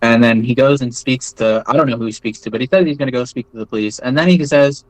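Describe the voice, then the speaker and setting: A man's voice: mid-range voice, fast, dry recording, poor audio. A man recounting his own experiences in a loose, casual way, full of fillers and "right?" tag questions. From United States. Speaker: veteran telling his story. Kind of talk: casual first-person storytelling.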